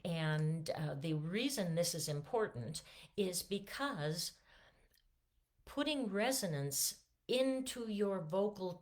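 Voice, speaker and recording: A middle-aged woman voice teacher talking casually through a singing lesson, with lots of fillers and restarts. She says her voice is not fully warmed up yet. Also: fairly low pitch. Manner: relaxed, chatty, many fillers and restarts. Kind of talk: casual vocal lesson with sung demonstrations.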